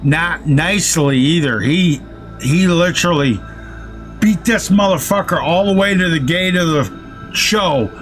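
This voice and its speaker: A man's voice: fairly high pitch, a little slow, fairly bright tone. A man telling a rambling, profane story while playing a game. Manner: profane, rambling anecdote with quoted threats. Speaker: gaming streamer. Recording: faint music underneath.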